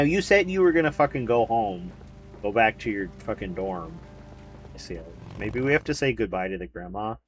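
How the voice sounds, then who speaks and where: A man streaming a video game, rambling and joking with casual commentary, swearing and laughing often. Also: mid-range voice. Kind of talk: casual let's-play commentary.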